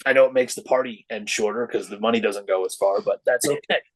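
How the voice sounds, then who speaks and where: A middle-aged man who wrestles chats fast as a podcast guest, captured on a low-quality recording. His storytelling includes acted-out voices that jump lively in pitch.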